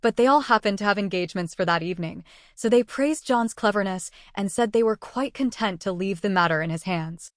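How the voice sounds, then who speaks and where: A woman narrating a storybook in an even, measured way. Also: mid-range voice, dry recording, studio quality.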